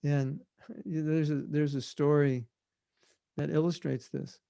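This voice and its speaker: An American man giving a devotional seminar talk over a video call, lively, acting out short quoted voices with frequent laughter. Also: on the high side, slow pace, gravelly, no room sound. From United States. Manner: animated, acts out little quoted voices and laughs often. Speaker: spiritual teacher.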